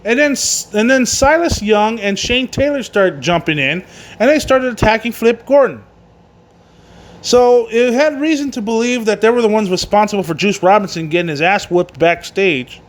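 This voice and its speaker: A man's voice: high-pitched, moderate pace. A man hosting a casual solo wrestling review, rambling and swearing, with many fillers and restarts. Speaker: wrestling podcast host.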